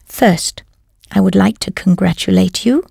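A female language teacher narrates a scripted audio lesson, patiently prompting the learner and confirming each answer. She speaks unhurriedly in a mid-range, gravelly voice that is a little mellow with a breathy edge. The recording is dry with clean studio sound.

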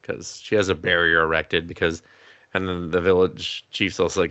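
A man's voice: low-pitched, level tone, normal speed, sharp tone, no room sound. A man casually recapping an anime on a podcast, laughing often and swearing freely. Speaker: podcast co-host.

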